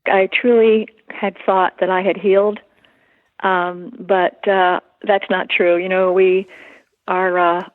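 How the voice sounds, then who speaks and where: A woman being interviewed, recalling personal events in a halting, earnest way with many fillers. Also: medium pitch, little pitch movement, no room sound. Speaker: interview guest. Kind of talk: emotional personal recollection. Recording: tinny phone line.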